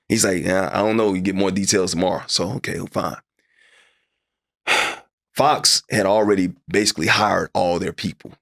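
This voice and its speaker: Gravelly low-voiced man telling a story. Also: normal speed, fairly bright tone, dry recording, studio quality. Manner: acts out his own past dialogue, voice climbing high when upset. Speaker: interview guest, sports broadcaster. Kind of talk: animated storytelling in conversation.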